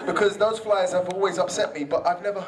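A man doing stand-up comedy, excitable and acting out other people's gestures and threats. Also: sits high, fast talker, a loud crowd. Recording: amateur far-off camera in a noisy crowded theatre.

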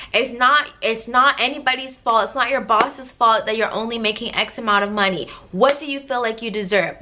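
A woman's voice: fairly high pitch, pushed and bright. A woman life coach giving a motivational talk to camera, emphatic and direct, hammering her points with repetition.

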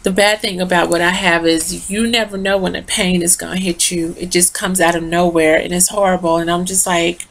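A woman's voice: fairly low pitch, little pitch movement, measured pace, vocal fry, fairly bright tone, a little hiss or hum. A tired woman rambling through a casual lipstick review into her phone, talking straight to her viewers. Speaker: beauty vlogger.

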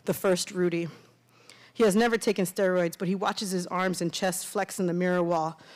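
A woman from Miami, an author reading her own fiction aloud in a steady, conversational way. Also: fairly low pitch. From Miami, USA.

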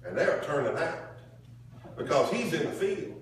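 A man preaches in a folksy, conversational style and keeps drawing call-and-response from the congregation. His voice sits a little high for a man. It is heard from a distance in a very echoey church, with faint noise underneath. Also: big pitch swings, normal speed. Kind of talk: sermon. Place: church sanctuary. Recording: echoey room from far off.

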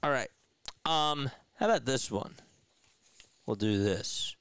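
A man hosting a casual live-stream play-by-play of a baseball game, chatting with his viewers between pitches. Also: expressive, slow, a bit bright, smooth. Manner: chatty, talks to his chat audience.

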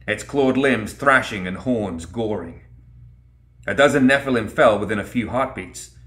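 A man reading a fantasy story aloud, with measured, dramatic storytelling. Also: lowish voice, fairly bright tone. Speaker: audiobook reader. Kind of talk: scripted fantasy narration. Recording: roomy echo.

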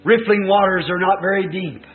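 A fervent preacher with a high, ringing voice, dropping to hushed lows and then rising into sudden shouts. The old recording is thin and phone-like, echoing through a large meeting hall. Faint music sits underneath. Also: male voice, moderate pace. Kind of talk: sermon. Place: church meeting.

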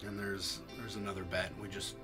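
A man giving voice-over commentary on his poker hands, halting and full of fillers. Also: fairly low pitch, little pitch movement, sharp tone, faint music behind. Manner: halting, many fillers and restarts. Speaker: poker vlogger.

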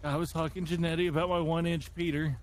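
A man's voice: fairly high pitch, fast talker, slight background noise, natural voice. A man playing a stabbing victim in a video game role-play, telling the officer how he was attacked. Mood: aggrieved. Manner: animated storytelling, quotes others.

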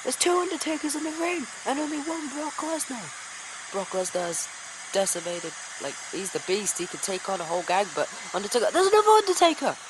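A woman giving excitable play-by-play wrestling commentary, bursting into exclamations. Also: mid-range voice, fairly quick, noisy background. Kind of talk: play-by-play wrestling commentary over a video game.

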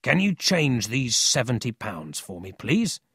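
A man voicing a lying adult thief who talks slowly and dismissively. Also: mid-range voice, very animated, a bit bright, slightly rough, no echo, clean studio sound, full character voice. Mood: smug. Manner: slow, smug, dismissive.

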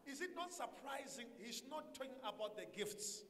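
A male pastor preaching with emphatic call-and-response, drilling his congregation with repeated questions. His voice sits very high and rings bright and forceful. The sound carries a long reverb from a church hall. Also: lively intonation, normal speed, slight background noise. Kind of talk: sermon.

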